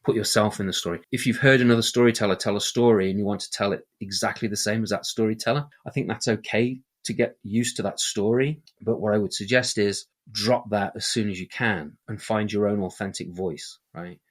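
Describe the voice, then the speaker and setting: A man who tells stories for a living, speaking in a casual podcast interview, animated and often tagging his points with "right?". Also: lowish voice, brisk, hardly any pauses. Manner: animated, peppers speech with "right?". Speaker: storyteller.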